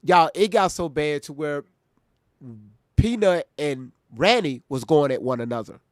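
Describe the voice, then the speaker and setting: A man with a slightly higher than usual voice, co-hosting a casual reaction stream. He backs up his co-host with quick, short agreements and now and then tells his own story. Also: no echo, studio quality. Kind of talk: casual commentary chat.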